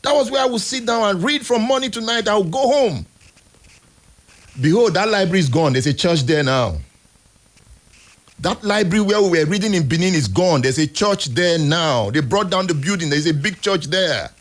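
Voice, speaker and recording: A Nigerian man hosting a radio show, giving emphatic, exasperated commentary in a husky voice. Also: sits high, lively intonation, brisk. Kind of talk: impassioned on-air commentary. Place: radio studio.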